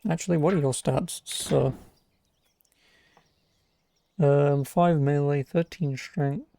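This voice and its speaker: A man's voice: fairly high pitch, fairly even intonation, takes it slowly, creaky, mellow. A man giving casual, sarcastic gameplay commentary as a streamer. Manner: wry, sarcastic. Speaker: let's play streamer.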